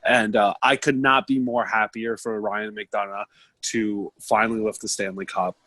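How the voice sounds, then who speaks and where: In a dry recording, a young man with a lowish, sharp voice speaks with flat delivery at a moderate pace. He co-hosts a casual podcast from a basement, telling rambling, emotional stories with a joking streak.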